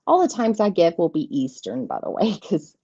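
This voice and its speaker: A woman's voice: fairly low pitch, sing-song, moderate pace, mellow, husky, no room sound. A woman, hosting a casual live tarot stream, chatty and giggly, rambling and greeting viewers by name. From southeastern United States. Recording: dull lo-fi stream audio, dry.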